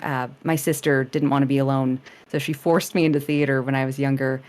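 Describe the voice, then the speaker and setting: A woman with a notably low voice chats as a guest on a podcast interview. She rambles through her stories, restarting sentences and laughing often. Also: level tone, brisk, a little mellow. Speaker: streamer guest. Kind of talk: casual podcast interview chat.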